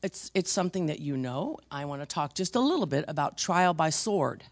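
Older woman preacher, gravelly voice, rambling storyteller, dry close sound. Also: low-pitched, lively intonation, moderate pace, no room sound. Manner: rambling, repeats words, swings from hushed to emphatic. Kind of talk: sermon with personal stories.

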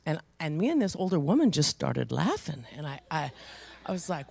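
A woman preaching a sermon, telling a personal story conversationally and rising into loud, emphatic preaching. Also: on the low side, sing-song, brisk, creaky, dry recording.

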